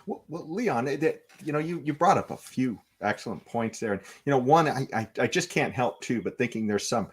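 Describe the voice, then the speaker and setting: A man's voice: medium pitch, lively intonation, a little fast, few pauses, husky. A man co-hosting a political talk podcast, wry and conversational, restarting sentences with fillers. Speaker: podcast co-host.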